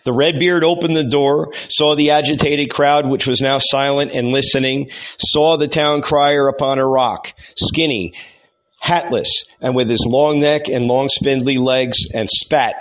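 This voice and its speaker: A man narrating a novel in a measured, dramatic storytelling manner. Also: mid-range voice, fairly even intonation, a bit bright, lo-fi sound. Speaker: audiobook narrator. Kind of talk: audiobook narration.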